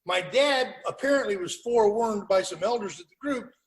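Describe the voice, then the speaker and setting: A man's voice: high-pitched, animated, moderate pace, rough recording. An older man speaking at a recovery meeting over a video call, telling his story in a plainspoken, wry way.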